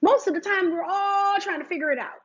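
A woman's voice: extremely high pitch, brisk, lo-fi sound. A woman sharing her personal testimony in a preaching style, repeating her key phrases and leading listeners through scripture.

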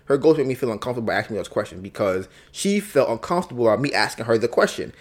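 A man's voice: mid-range voice, expressive, very fast. A man hosting a podcast alone, talking through his thoughts in a casual, reflective way, often repeating himself and acting out both sides of an argument. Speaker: podcast host. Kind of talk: solo casual monologue.

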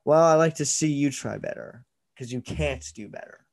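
A man's voice: a little high, creaky, a little mellow. A man hosting a podcast, chatting casually and mocking his co-host over a video call. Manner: playful, quick to mock and bicker. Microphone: own mic on a video call.

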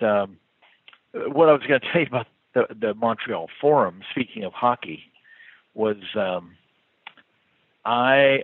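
A man's voice: mid-range voice, no room sound. A man who toured as a musician, telling a rambling, chuckling road story full of fillers. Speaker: touring musician. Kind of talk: casual anecdote telling. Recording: tinny phone-like line.

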